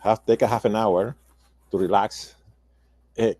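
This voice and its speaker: A man in his sixties, a native Spanish speaker talking in halting English with many restarts in a casual roundtable discussion. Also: on the low side, steady tone, warm tone, no room sound, studio quality. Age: 60s. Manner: halting, repeats words, non-native phrasing. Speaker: roundtable guest.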